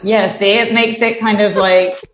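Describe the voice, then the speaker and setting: A woman chatting as a podcast guest, telling stories in an animated way with lots of fillers. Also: mid-range voice, measured pace, reverberant, a little hiss or hum. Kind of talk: casual chat.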